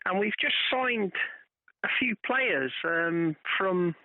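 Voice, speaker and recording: Male caller from England on a tinny phone line, high voice, hesitant and chuckling. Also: expressive, takes it slowly, dry recording. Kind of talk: radio phone-in call.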